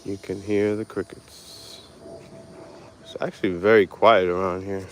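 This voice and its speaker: A man's voice: deep voice, little pitch movement, measured pace, a little hiss or hum. A man hosting a casual walk-and-talk live stream on an outdoor park path, chatting laid-back with viewers through a handheld phone.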